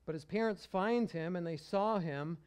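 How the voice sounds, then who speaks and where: A man's voice: high-pitched, moderate pace, darkish tone, clear, resonant tone. A male pastor preaching a sermon in a conversational way, often chuckling.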